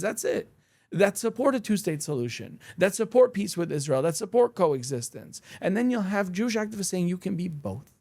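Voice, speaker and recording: Blunt, gravelly-voiced man. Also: sits high, a little mellow. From Syria. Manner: blunt, profane storytelling. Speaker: podcast guest, attorney. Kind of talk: casual interview conversation.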